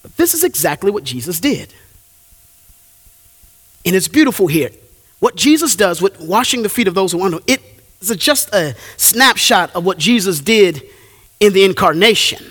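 A male pastor preaching a sermon, with animated delivery and drawn-out emphatic phrases. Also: sits high, breathy edge, in a large hall.

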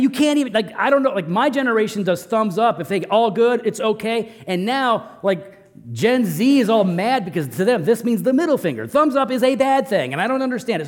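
A man preaching a sermon as pastor, swinging between loud emphatic bursts and soft low asides. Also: big-room sound.

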